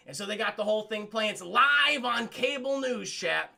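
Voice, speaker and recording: Streaming a cartoon review, this young guy has a high, bright, forceful voice with vocal fry and an animated delivery at a moderate pace. His recap rambles, he curses nonstop, and he keeps turning to address his chat directly.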